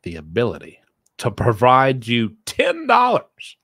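A man's voice: mid-range voice, huge pitch swings, measured pace, gravelly, fairly bright tone, husky, no echo. Sarcastic man mocking a call, dry close mic. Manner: sarcastic, mocking, swings between mumbling and exasperated outbursts. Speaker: commentator reacting to a prison call recording. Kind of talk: satirical reaction commentary.

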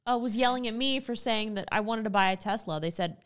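A woman in her thirties co-hosting a podcast, chatting in a rambling, animated way. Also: on the high side, fast talker, smooth. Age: 30s. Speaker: podcast co-host. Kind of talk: casual chat.

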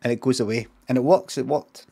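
A middle-aged Scottish man improvising a comic story, rambling and deadpan, swearing freely and drifting off on tangents. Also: mid-range voice, a little fast, gravelly, breathy edge. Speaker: streamer.

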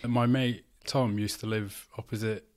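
Low-voiced man, joking guest. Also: steady tone, normal speed, a little mellow. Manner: jokey, trying out regional accents. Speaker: podcast guest, composer. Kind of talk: casual chat. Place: living room of a flat, indoors.

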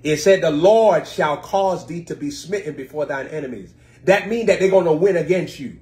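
A man preaching a live-streamed sermon. He reads scripture slowly and then explains it in informal, chatty asides to his viewers, with sudden swings in pitch and loudness. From United States.

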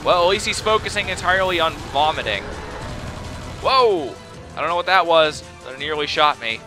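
A young man giving excitable, panicky commentary while playing a shooter game. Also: on the high side, quick pace, music in the background. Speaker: let's play gamer. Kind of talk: casual gameplay commentary.

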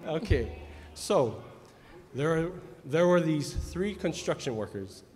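Emceeing a live pageant in a large indoor hall, a man with a slightly high voice and big pitch swings takes his time, with faint music behind him. Chatty and storytelling, he makes loud microphone announcements and tells the audience a long joke, all with long reverb.

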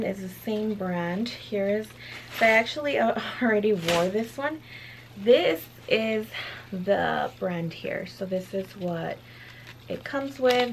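A young woman vlogging at home, out of breath, chatty and halting with lots of fillers. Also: mid-range voice, a little hiss or hum, low-quality recording. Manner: chatty, hesitant with many fillers. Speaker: beauty vlogger. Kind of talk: casual haul video.

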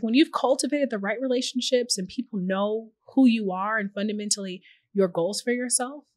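A woman guest on a podcast, talking earnestly and reflectively with lively quoted asides. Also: a little high, no echo. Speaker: podcast guest, tech journalist and founder. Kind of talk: reflective conversational interview.

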